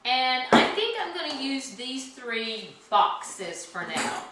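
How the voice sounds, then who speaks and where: Woman music teacher, bright and unhurried, filmed in a very echoey room from far off with background hiss. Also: sits high, big pitch swings. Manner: cheerful and slow, chants rhythm syllables. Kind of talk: children's music lesson. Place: indoor room at home. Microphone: camera some distance away.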